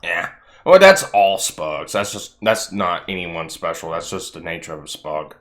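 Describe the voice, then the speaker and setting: A man hosting a casual livestream chat, excitable and swearing freely, laughing often. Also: low-pitched, normal speed. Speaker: stream host.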